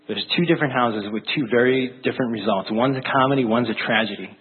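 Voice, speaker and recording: A man's voice: medium pitch, quick pace, hardly any pauses, husky. A male pastor preaching a casual sermon in a rambling, conversational way full of fillers. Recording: tinny phone-like sound.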